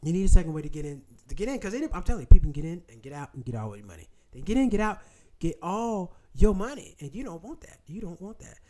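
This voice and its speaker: Host, man, blunt and profane, high-pitched and animated. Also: quick pace. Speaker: channel host. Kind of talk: casual livestream talk.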